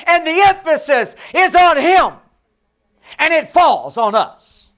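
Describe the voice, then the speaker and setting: A pastor giving an emphatic sermon in a church, sometimes hushed and sometimes shouting, and calling on the congregation to repeat his words. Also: extremely high pitch, sing-song, slow pace. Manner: leads the congregation in call and response. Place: church sanctuary.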